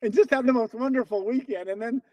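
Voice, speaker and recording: An older man telling long stories as an interview guest, lively and acting out the people he quotes. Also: very high voice, fast, dry recording. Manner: animated storyteller, acts out quoted dialogue. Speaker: interview guest, runner and coach. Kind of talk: casual storytelling.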